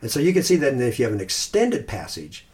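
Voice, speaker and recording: A man hosting a podcast talks casually and thoughtfully about Christian meditation, pausing and restarting and sometimes reciting phrases slowly. His voice is mid-range and darkish, with huge swings in pitch.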